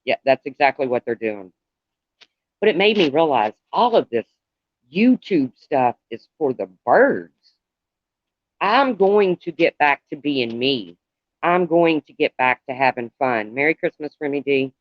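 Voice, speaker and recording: A middle-aged man talking to viewers on a live stream in a halting, rambling way, calling out commenters by name. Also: on the high side, big pitch swings, dry recording. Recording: dull lo-fi, dry sound.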